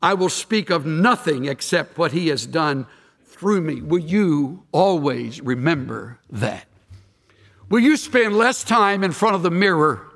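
Guy preaching a sermon, pretty high voice, big long echo like a big hall, punchy with lots of questions. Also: fairly bright tone. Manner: emphatic, with rhetorical questions and wry asides. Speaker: pastor.

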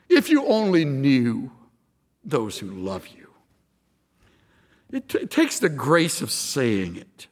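A man's voice: medium pitch, wildly swooping pitch, slow, long pauses, long reverb tail. A man preaching a conversational sermon in a folksy, joking way, with laughs between his points. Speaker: pastor.

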